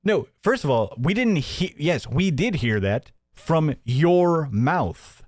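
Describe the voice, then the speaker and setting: A very animated man hosts a live-stream commentary show, sarcastic and mocking, frequently laughing and leaping into a high mimicking voice. He speaks at a slow pace, and the audio is studio quality with no echo.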